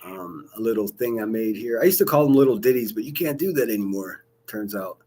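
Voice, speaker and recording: A man's voice: fairly low pitch, animated, fairly quick, dark tone. A man hosting a call-in livestream, joking easily and thanking viewers by name. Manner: easygoing, jokey, reads out names. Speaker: call-in show host. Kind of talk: casual livestream chat.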